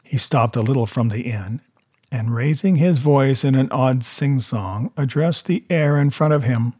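A man narrating a novel aloud in a steady, measured way. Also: mid-range voice, breathy edge, no echo, clean studio sound.

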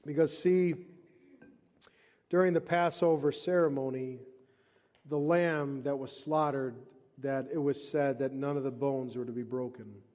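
Preaching pastor in a reverberant hall. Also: male voice, medium pitch, fairly even intonation, a little slow. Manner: preaching, emphatic then dropping to hushed. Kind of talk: sermon. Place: church service.

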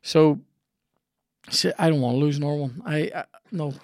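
Reacting aloud to a video game match, this podcast host chats casually and swears without restraint. His voice is gravelly at an everyday middle pitch, and he speaks at normal speed. It's recorded close and dry, free of room sound.

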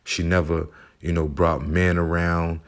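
A man with a deep, low voice tells his own story as a single father. His talk is heartfelt and loose, and he keeps circling back with easy fillers like "you know" and "man". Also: level tone, a little slow. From United States. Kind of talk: personal storytelling.

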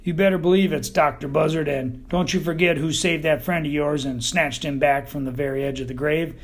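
A bossy old Texan buzzard who lectures everyone in a loud, self-important voice, put on by a man reading an audiobook. It sits higher than a plain speaking voice and pushes hard on its words. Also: fairly even intonation, a little fast. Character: pompous blustering old male buzzard. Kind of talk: audiobook character voice.

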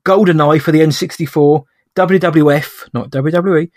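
A young man co-hosts a podcast, trading jokes and laughing easily. His voice sits a bit high. The sound is dry and close, with no room echo. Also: steady tone, normal speed, darkish tone. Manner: jokey, laughs often, banter. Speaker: podcast co-host. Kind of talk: casual chat.

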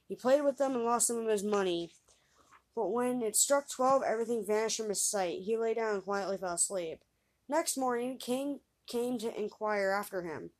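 A woman reading an old fairy tale aloud, lifting her pitch and volume for the characters' lines. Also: moderate pace. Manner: lively reader raising pitch and volume for quoted voices. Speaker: storyteller.

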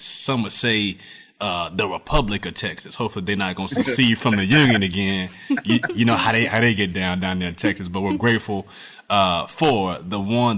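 A man's voice: on the low side, fairly bright tone. A middle-aged man hosting a podcast, upbeat and talking straight to his listeners. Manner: upbeat, speaks to the listeners directly. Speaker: podcast host. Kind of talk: casual interview chat.

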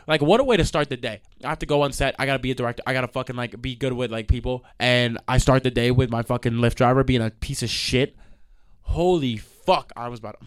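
A young man hosting a podcast, ranting in a heated, profane, emphatic way. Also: mid-range voice. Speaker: podcast host. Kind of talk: ranting monologue.

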